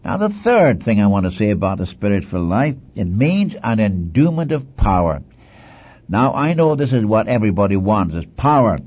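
Low mellow-voiced man preaching. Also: big pitch swings, normal speed, husky, lo-fi sound. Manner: earnest, exhorting, repeats phrases for emphasis. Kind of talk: sermon.

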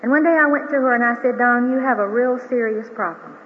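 An older woman with a slightly high voice gives an earnest, heartfelt religious testimony to a big audience. Her words ring through a large hall with a long reverb tail. The sound comes through thin and phone-like, with a faint hiss underneath. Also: fairly quick. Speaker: grandmother giving testimony. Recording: tinny broadcast of a hall with reverb.

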